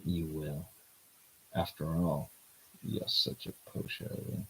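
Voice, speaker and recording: A man putting on a gruff, cocky tough guy who talks low and quiet, all smug menace. The voice sits below the reader's own, soft and growly. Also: little pitch movement, slow, a little hiss or hum, heavily acted, poor audio.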